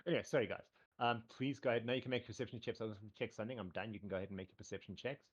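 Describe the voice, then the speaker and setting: A man running a tabletop game as game master, narrating casually and often pausing on "um" and a repeated "cool". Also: fairly low pitch, fairly even intonation, slightly rough, muffled recording. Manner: rambling, full of "um" and repeated "cool".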